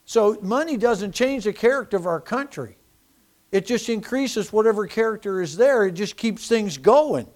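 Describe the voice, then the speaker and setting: A man preaching a sermon, animated and personal, often restarting phrases as he tells his testimony. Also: high voice, moderate pace. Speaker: pastor.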